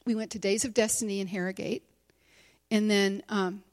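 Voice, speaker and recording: A middle-aged woman, a conference speaker and teacher, shares a personal testimony with a women's gathering. She talks candidly and conversationally, with many fillers. Her mid-range voice keeps a fairly even intonation at a moderate pace.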